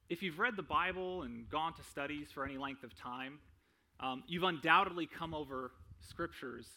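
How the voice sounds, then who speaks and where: With a fairly high, bright and forceful voice, a young male preacher talks through his sermon casually. He leans on "right?" tag questions and pokes fun at himself along the way.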